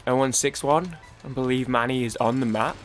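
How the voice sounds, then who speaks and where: A young Manchester man, a gaming YouTuber, talks at a moderate pace in a mid-range voice while faint music plays behind him. He rambles casually as he plays, cutting himself off, swearing, and letting stories trail off halfway through.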